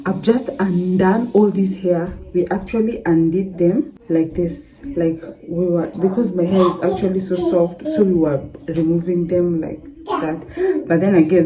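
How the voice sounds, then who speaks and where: A woman chatting casually to her viewers in a home vlog, often calling them "guys.". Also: lowish voice. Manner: chatty, keeps saying "guys". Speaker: vlogger. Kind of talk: casual vlog chat to camera. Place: home with building work nearby. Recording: noisy home phone recording.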